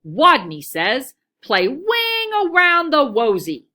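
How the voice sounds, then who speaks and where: A woman voicing a tiny, shy boy rat who squeaks and turns his r sounds into w sounds. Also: wildly swooping pitch, slow pace, bright, forceful tone, heavily acted. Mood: timid.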